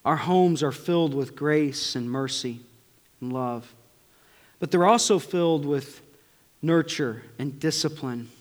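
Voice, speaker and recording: A middle-aged male pastor preaching a conversational sermon to his congregation, swinging between loud bursts and near-whispers. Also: mid-range voice. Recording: long hall reverb.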